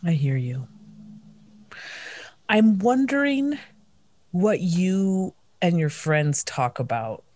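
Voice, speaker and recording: Low-voiced playful woman interviewer. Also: very animated, slow, long pauses, a little mellow, dry recording. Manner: playful, teasing storyteller. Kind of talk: casual conversational interview.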